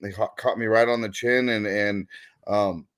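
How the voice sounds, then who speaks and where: A man's voice: lowish voice, steady tone, moderate pace, a bit bright. A young man, a guest fighter, earnestly recounting a fight in a casual interview.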